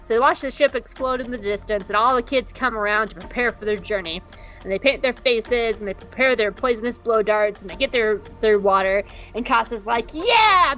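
A woman co-hosting a podcast, casually recapping an episode and acting out the characters in quick mock voices. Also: a little high, a bit bright. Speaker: podcast co-host.

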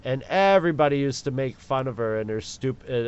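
A man co-hosts a casual podcast from home and tells stories in a relaxed, chuckling way. His voice is smooth and resonant at a middle pitch. The remote audio comes through slightly dull. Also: brisk, few pauses. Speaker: podcast co-host.

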